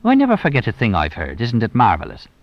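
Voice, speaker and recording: A man's voice: fairly low pitch, wildly swooping pitch, fast, dry recording, muffled recording. A man voicing a shrewd, teasing police inspector who probes with dry, mock-innocent questions. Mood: sly.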